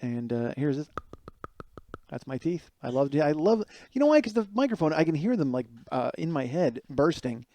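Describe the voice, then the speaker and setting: Man, forties, comedy podcast host, rambling profane monologue, dark mellow tone, dry close sound, late-night kitchen. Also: fairly high pitch, very animated, normal speed, dry recording. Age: 40s. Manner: rambling, profane, mocking impressions of others.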